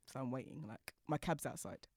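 A woman telling stories as a podcast guest, talking fast and laughing as she goes. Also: a bass voice, darkish tone. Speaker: guest, designer. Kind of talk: animated storytelling in conversation.

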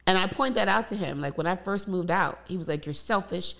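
A woman with a low, slightly gravelly voice talks openly about her life. She tells stories loosely, wandering through asides and back again. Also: fast, a bit bright. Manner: open, storytelling with many asides. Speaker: guest. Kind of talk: candid conversation.

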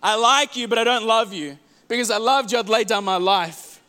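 A man preaching a sermon to a church congregation, passionate, repeating words and moving between loud declarations and soft asides. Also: high voice, moderate pace. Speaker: pastor. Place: church hall.

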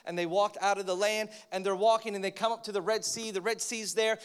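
An American man preaching a sermon to a congregation, talking in an energetic, joking way that rises to emphatic points. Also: high-pitched, brisk, smooth. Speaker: pastor. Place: church, in front of a congregation.

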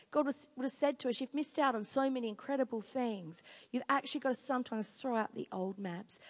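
A woman in her forties, a pastor giving a lively, emphatic sermon to her congregation. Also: on the high side. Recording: long reverb of a large hall.

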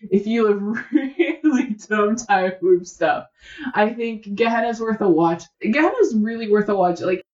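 A woman's voice: medium pitch, animated, measured pace, a little mellow. A woman co-hosting a casual film review podcast. She rambles loosely and fills her sentences with "like.". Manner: rambling, heavy use of "like" fillers. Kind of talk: casual chat. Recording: dull lo-fi sound.

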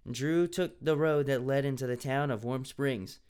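A man's voice: medium pitch, moderate pace, darkish tone, smooth. A man reading a story aloud, playfully laughing and joking about the text. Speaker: story reader.

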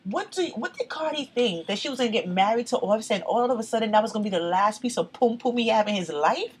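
A woman's voice: fairly high pitch, animated, fast talker, breathy edge. A woman co-hosting a casual chat, blunt and outspoken, swearing freely.

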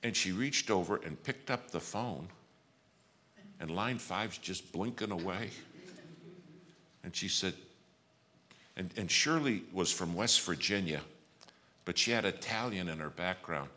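Deep preacher guy, bright forceful voice, tells a story and acts out the lines, bit of noise behind. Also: measured pace, long pauses. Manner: animated storyteller, acts out quoted dialogue, swings from loud to hushed. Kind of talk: sermon storytelling.

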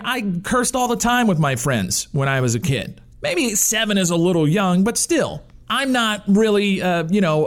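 A man hosting his own show, delivering a sarcastic, profane comedic rant. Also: sits high. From United States. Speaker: podcast host. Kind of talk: ranting comedic monologue.

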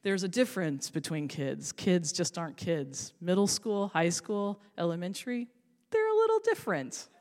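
A woman's voice: on the low side, big pitch swings, moderate pace, a little mellow. A woman telling a comic story on stage, chatty and self-deprecating, with lots of fillers. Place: stage in a hall. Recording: reverberant hall.

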